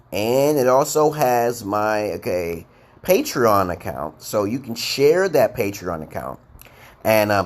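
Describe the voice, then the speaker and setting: A man teaching English on a live stream, reading out viewers' comments in a playful, boastful way. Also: medium pitch. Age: adult. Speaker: online English tutor.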